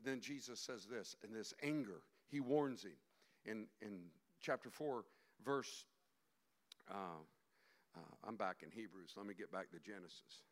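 A male pastor preaching an animated sermon, acting out the voices of figures as he goes. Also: on the low side, a little slow.

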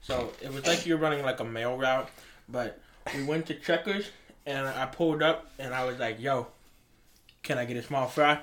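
A man's voice: medium pitch, normal speed, a bit bright, a little hiss or hum. A man co-hosting a casual podcast, telling stories in a laid-back, rambling way with lots of "um" and "like.". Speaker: podcast co-host. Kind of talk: casual storytelling chat.

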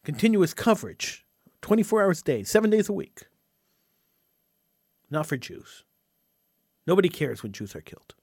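A man's voice: high-pitched, very animated, moderate pace, pauses often, a little mellow, breathy edge, dry recording, clean studio sound. A man hosting a talk radio show, delivering an indignant monologue and often repeating words as he gets worked up.

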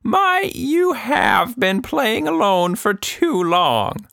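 A cranky older woman snaps in a high, strained voice, as a male storyteller puts her on. Her words come slow and drawn out. It is a storybook reading in a dry room. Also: very animated, vocal fry, sharp tone, no echo, exaggerated voice. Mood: puzzled. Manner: high, strained, shrill in anger. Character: older woman, cranky, hooked on a phone game.

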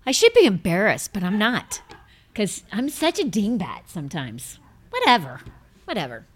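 A middle-aged woman hosting a show, telling rambling, self-mocking stories in a bubbly, casual chat and breaking into high laughing fits. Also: huge pitch swings, normal speed, a little hiss or hum. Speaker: host.

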